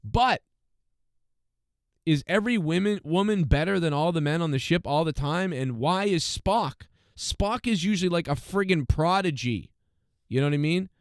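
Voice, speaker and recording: A man's voice: on the high side, lively intonation, moderate pace, dry recording, studio quality. A man reviewing a TV episode in a casual, ranting monologue, exasperated and mocking as he paraphrases the characters. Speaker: show reviewer.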